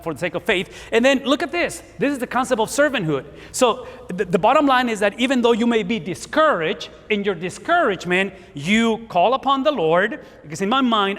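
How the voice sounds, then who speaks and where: Preacher, fifties, male, Spanish accent, high-pitched, roomy hall reverb. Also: fairly bright tone. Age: 50s. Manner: emphatic, repeats words for stress, asks the room. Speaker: pastor. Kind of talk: sermon.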